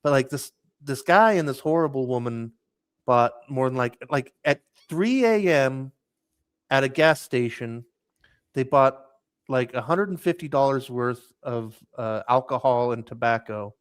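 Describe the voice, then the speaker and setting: A man's voice: medium pitch, unhurried, clean tone, no echo. A man tells a loose travel story on a casual podcast. He wanders, restarts and fills his talk with "like." The sound is dry, with little room around it. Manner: rambling storyteller, many restarts and "like"s. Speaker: podcast host. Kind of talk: casual chat.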